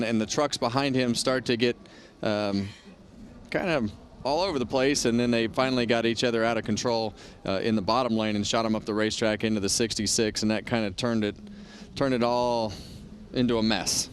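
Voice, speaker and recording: A man giving relaxed, conversational color commentary on a truck race. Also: medium pitch, slight background noise. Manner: relaxed, conversational, repeats words.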